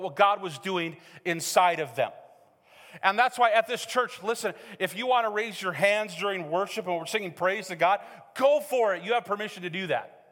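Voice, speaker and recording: High-voiced man preaching, middle-aged pastor, playful storyteller, long church reverb. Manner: animated, joking storyteller who acts out quotes. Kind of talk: sermon. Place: church sanctuary. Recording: hall reverb.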